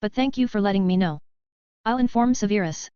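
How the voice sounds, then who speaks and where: Weary, soft-spoken male wizard teacher in an audiobook , read by a woman, dry, slightly muffled sound. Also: medium pitch, fairly quick, clear, resonant tone, dry recording, close to an everyday voice. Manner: guarded, tired and soft-spoken. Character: weary, gentle male wizard professor, young but ailing.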